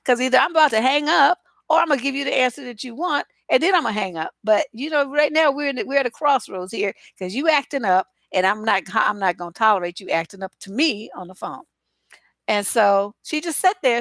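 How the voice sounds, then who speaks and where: A woman's voice: high voice, fairly quick, a bit bright, dry recording. A woman relationship coach giving casual livestream advice, chatty and blunt, with many filler phrases.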